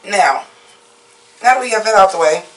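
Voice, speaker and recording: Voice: medium pitch, moderate pace, far from the mic. Blunt, profane TV reviewer in an echoey room. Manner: animated, mocking. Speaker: TV episode reviewer. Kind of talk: casual recap and review.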